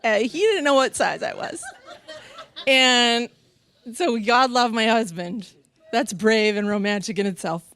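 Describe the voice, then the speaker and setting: A woman's voice: a little high, measured pace, smooth. A middle-aged woman telling a comic personal story, acting out voices and laughing often. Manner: animated, acts out other people's voices, laughs often.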